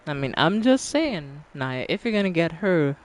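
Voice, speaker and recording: A woman's voice: sits low, sing-song, moderate pace. A woman streaming a game, chatting casually with her audience, teasing and laughing often and swearing freely.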